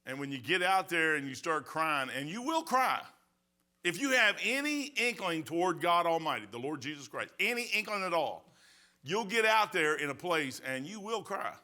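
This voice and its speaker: A man in his sixties preaches with a bright, forceful voice that sits a little high for a man. He moves between emphatic points and folksy storytelling, peppered with quick asides. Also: sing-song. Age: 60s. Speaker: pastor. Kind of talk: sermon.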